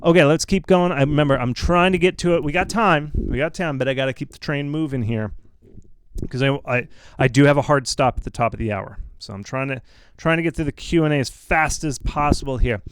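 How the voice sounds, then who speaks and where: Guy doing a live q&a, smooth clear voice, dry close mic, blunt and keeps telling you to relax. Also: a little high, no room sound. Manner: blunt, reassuring, repeats himself, quick asides. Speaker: host answering viewer questions. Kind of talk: casual live Q&A.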